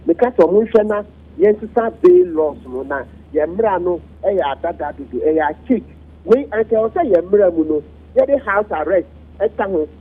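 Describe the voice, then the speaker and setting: A man with a Ghanaian accent, speaking as a commentator in a heated radio talk discussion, switching between languages with wide swings in pitch. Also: husky. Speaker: political commentator. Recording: lo-fi radio broadcast.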